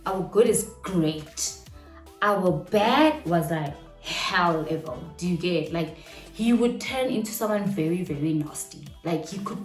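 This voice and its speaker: Chatty South African woman telling a story. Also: on the low side. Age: 20s. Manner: animated, chatty storytelling with slang and Setswana phrases mixed in. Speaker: vlogger. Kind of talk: storytime vlog. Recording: roomy room with faint music behind.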